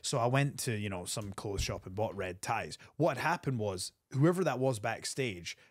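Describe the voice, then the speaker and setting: A man, a wrestler telling an animated backstage story as a guest on an interview show. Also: slightly rough, dry recording. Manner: animated storyteller, quick bursts of pitch.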